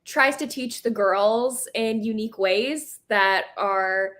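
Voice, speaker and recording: A woman's voice: medium pitch, takes it slowly, a bit bright. A woman who teaches, co-hosting a casual book chat and eagerly retelling scenes with lots of fillers. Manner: enthusiastic, filler-heavy retelling. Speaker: book club co-host, teacher.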